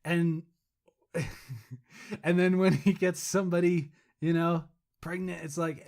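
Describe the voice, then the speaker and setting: A man's voice: on the high side, fairly even intonation, slow pace, long pauses, darkish tone. A young adult man co-hosting a podcast, rambling casually, swearing and mocking himself. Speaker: podcast co-host.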